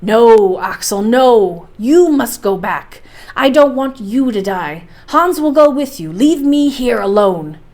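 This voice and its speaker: A woman voicing a stubborn, fearless older male professor in a storybook reading, speaking in a forceful, commanding way. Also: medium pitch, close to an everyday voice. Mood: pleading. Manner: forceful and commanding, slowing to insist.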